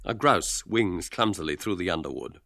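A man's voice: low-pitched, expressive, moderate pace, creaky, a bit bright, dry recording, studio quality. A man giving scripted narration of the stage directions in a radio drama.

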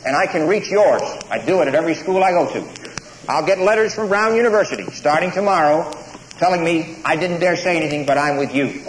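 A man's voice: a little high, brisk. A man giving a declamatory public speech to a live audience in a lecture hall, then taking questions, building his points up to punchy lines. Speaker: invited speaker at a campus lecture. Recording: roomy hall recording with faint hiss.

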